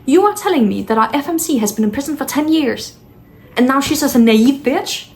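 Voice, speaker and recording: A woman's voice: sits high, expressive, brisk, a little mellow. A woman book vlogger talking casually to camera at home, frustrated, blunt and swearing as she rants. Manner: blunt and exasperated, with sighs. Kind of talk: casual vlog talk to camera.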